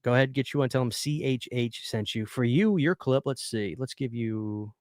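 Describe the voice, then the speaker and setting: A man's voice: medium pitch, moderate pace, a little mellow, no echo, studio quality. A man hosting a casual live stream, earnestly chatting and reading viewer messages aloud. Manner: earnest, talkative, reads chat aloud.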